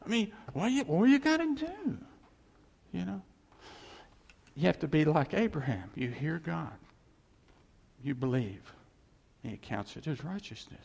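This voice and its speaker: A man preaching in a lively, folksy way, his voice sitting a little high and leaping up and down in pitch. He jumps from near-shouts to hushed asides. The hall rings with a long reverb behind him. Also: measured pace, vocal fry, long pauses, breathy edge. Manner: animated, conversational preaching with sudden loud and soft turns. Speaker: pastor. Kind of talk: sermon.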